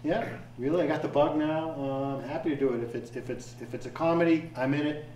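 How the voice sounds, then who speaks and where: Male actor guest, lively raconteur, slightly high voice, roomy distant sound. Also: quick pace, background noise. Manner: animated storyteller, acts out his own reactions. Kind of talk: casual chat. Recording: echoey room, distant mic.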